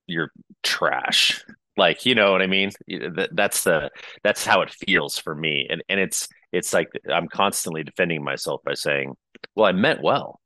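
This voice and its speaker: A man co-hosting a podcast, talking reflectively in casual conversation, with frequent halting restarts. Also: extremely low pitch, pushed and bright, no room sound. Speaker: podcast co-host.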